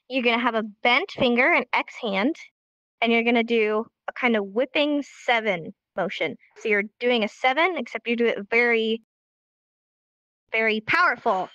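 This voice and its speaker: A woman with a slightly high, fairly bright voice and no echo teaches a live online sign language class. Her manner is upbeat and encouraging, and the stream audio comes through dull and lo-fi.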